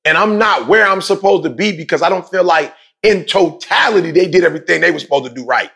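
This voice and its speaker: A man talks with passion, repeating key points and dropping slang in casual conversation. His voice sits high and carries a gravelly fry. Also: fast talker. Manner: emphatic, repetitive, slangy, animated.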